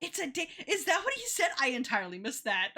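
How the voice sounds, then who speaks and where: A woman's voice: sits high, big pitch swings, sharp tone, faint music behind. A woman streamer chatting casually while she draws, rambling and giggling between thoughts. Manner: retells others' lines in quick playful voices. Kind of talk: casual chat while drawing on a live stream.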